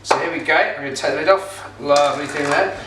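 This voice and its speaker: Talking fast in a fairly high voice, this middle-aged pizza kit seller hosts a laid-back home cooking demo full of jokes, chatter, and filler words. The background is noisy, and the distant mic picks up a roomy echo.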